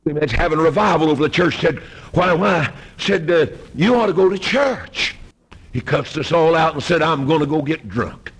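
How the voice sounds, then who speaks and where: A middle-aged man preaching a fiery storytelling sermon, moving from hushed tales to shouted exhortation. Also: on the high side, animated, moderate pace, husky.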